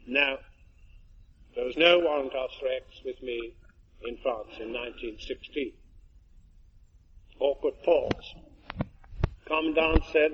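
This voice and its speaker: An older retired air force officer giving a tribute speech, telling anecdotes with genial, dry humour to an audience. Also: male voice, medium pitch, measured pace, pauses often. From England. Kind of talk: after-dinner speech with anecdotes. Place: hall with an audience. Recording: muffled archive recording with faint hiss.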